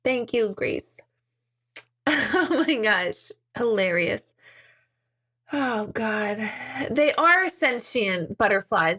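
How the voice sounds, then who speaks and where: Giggly woman host, somewhat high voice, casual self-mocking live-stream chat with viewers. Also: expressive, takes it slowly, long pauses, pushed and bright. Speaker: intuitive reader hosting a live stream.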